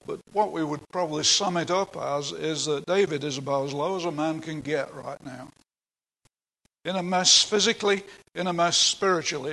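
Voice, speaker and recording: Gravelly older preacher. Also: male voice, on the high side, sharp tone, low-quality recording. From England. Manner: earnest, emphatic, plain-spoken teaching with asides. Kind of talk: sermon.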